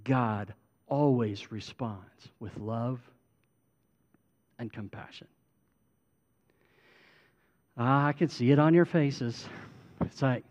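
Guy preaching slow and deliberate, loud bursts then soft hushed bits, kinda dull lo-fi sound. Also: mid-range voice, expressive. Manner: swings from emphatic to hushed, intimate prayer tone. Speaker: pastor. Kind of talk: sermon.

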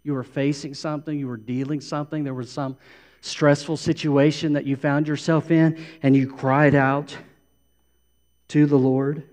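A man's voice: fairly high pitch, little pitch movement, moderate pace, a little mellow. A middle-aged man preaching a sermon, repeating phrases for emphasis as a pastor. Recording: long hall reverb.

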